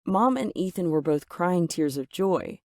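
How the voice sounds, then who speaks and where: Lady narrating an animated story, dry voice-over, gets loud and dramatic when angry. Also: fairly low pitch, unhurried, dry recording. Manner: expressive, rising loud on angry lines. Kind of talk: scripted first-person story narration.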